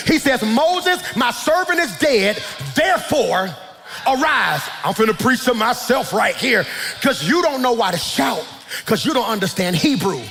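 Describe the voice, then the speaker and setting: Male pastor, high voice, shouted sing-song sermon, hushed asides, echoing church hall, faint music.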